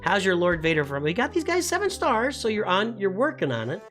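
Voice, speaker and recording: A man's voice: high voice, wildly swooping pitch, brisk, fairly bright tone, faint music behind. A middle-aged man hosting a casual live stream, talking in rambling, self-interrupting bursts.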